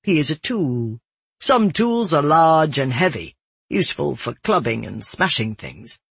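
A stern caravan guard captain barks short, careful instructions, as a man reads him in a storybook. The voice is slightly husky and sits a touch high for a man. The sound is dry and close. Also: big pitch swings, unhurried, fairly bright tone, no room sound, heavily acted. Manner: terse, instructive, carefully worded.

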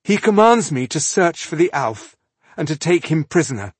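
A man's voice: fairly high pitch, big pitch swings, moderate pace, husky, dry recording, pitched above the performer's own voice. A man reading an audiobook, voicing a weary, stubborn young queen who speaks dully and resigned. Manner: dull, resigned.

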